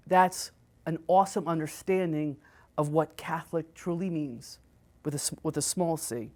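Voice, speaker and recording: Woman, 50s, Catholic sister hosting a podcast; low-ish voice, casual storytelling delivery, informal restarts. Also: moderate pace. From United States. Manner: storytelling, conversational, with restarts and animated quoting. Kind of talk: casual spoken reflection.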